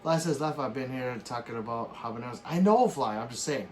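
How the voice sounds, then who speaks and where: A man's voice: medium pitch, brisk, a little hiss or hum. A man hosting a casual late-night livestream, reading chat messages aloud and joking back with bursts of laughter. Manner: animated, bursts into laughs and shouts.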